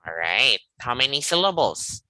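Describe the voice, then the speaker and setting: A man teaching English pronunciation in a live online class, patiently repeating phrases slowly for his student. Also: mid-range voice, sing-song, pushed and bright, dry recording, poor audio.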